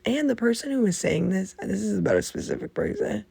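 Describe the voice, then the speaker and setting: Gravelly rambling woman podcaster. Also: medium pitch, a little fast, no room sound. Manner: rambling, animated, swears. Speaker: podcast host. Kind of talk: casual storytelling. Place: under a blanket.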